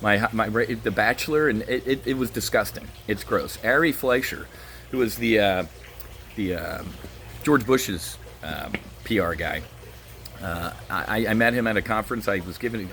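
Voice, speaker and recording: A man's voice: on the low side, normal speed, bright, forceful tone, slight background noise. A man giving blunt, sarcastic solo market commentary, ranting with frequent restarts.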